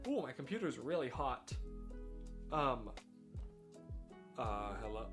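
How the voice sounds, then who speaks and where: A man's voice: medium pitch, sing-song, slow pace, fairly bright tone. An American man streaming live, chatting casually and thinking aloud in a rambling, self-deprecating way. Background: faint lo-fi music.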